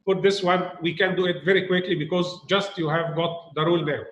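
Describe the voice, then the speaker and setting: A man teaching a grammar lesson, speaking slowly and deliberately, repeating key words and asking checking questions. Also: high-pitched, fairly even intonation, fairly bright tone, muffled recording, a little hiss or hum. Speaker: English teacher. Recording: roomy echo.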